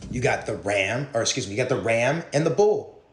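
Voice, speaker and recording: A man lectures earnestly, jumping from pun to pun in a rambling monologue. His voice sits at an ordinary pitch. The clip sounds roomy and echoey. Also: expressive, a little fast, slight background noise. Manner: stream of puns, earnest lecturing. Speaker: conspiracy video speaker. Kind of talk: rambling word-association monologue. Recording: roomy clip played on stream.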